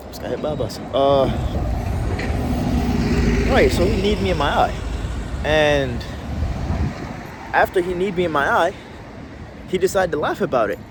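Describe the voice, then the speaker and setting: A man's voice: on the high side, expressive, unhurried, long pauses, heavy background noise. A man telling a casual story to camera, slangy and rambling, often restarting his sentences. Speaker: vlogger.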